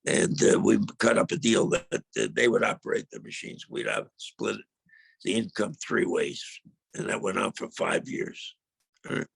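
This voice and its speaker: An older man, a guest, telling a casual story in a gravelly voice and acting out the dialogue. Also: fairly low pitch, moderate pace, dry recording. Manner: animated, acts out quoted dialogue.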